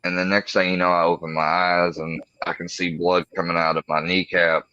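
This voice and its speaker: A man with a very low, bright, forceful voice, talking in a halting, rambling way on a casual livestream panel. The recording is dry and a little dull and lo-fi. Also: little pitch movement, no echo.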